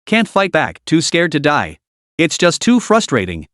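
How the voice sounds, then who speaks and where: A man's voice: on the high side, huge pitch swings, a little slow, a bit bright, no room sound, clean studio sound, full character voice. A man doing a proud, beaten serpent beast. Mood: aggrieved. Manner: defiant, aggrieved complaining. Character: proud, humiliated two-headed python beast.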